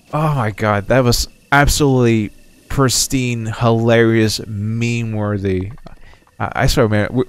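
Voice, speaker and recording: Young male streamer, mid-range voice, excitable and slangy gameplay chatter. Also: mid-range voice. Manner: chatty, excitable, slangy, reads game text aloud. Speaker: gaming streamer. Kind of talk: casual gameplay commentary.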